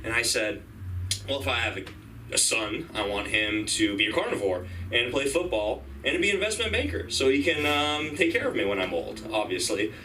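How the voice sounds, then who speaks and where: Thirties male comic, wry deadpan stories, bright edgy voice, distant room mic with faint hum. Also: medium pitch, normal speed. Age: 30s. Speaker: stand-up comedian. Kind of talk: stand-up set at an open mic.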